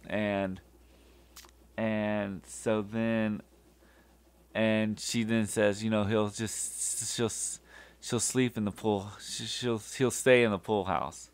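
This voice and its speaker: A man hosting a podcast, retelling a TV episode in a halting, casual way with many fillers and restarts. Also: fairly low pitch, fairly even intonation. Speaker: podcast host.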